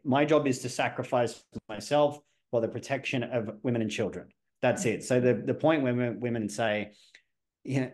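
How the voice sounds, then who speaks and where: A man's voice: mid-range voice, a little mellow. A man hosting a casual podcast conversation, speaking bluntly and assertively in an opinionated way. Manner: sometimes swears. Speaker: podcast host.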